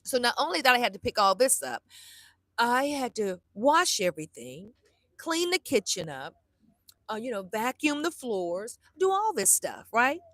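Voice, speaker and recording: A middle-aged woman vlogger telling a story to her live chat in a blunt, animated way, swearing freely and acting out the people she quotes. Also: on the high side, unhurried, dry recording.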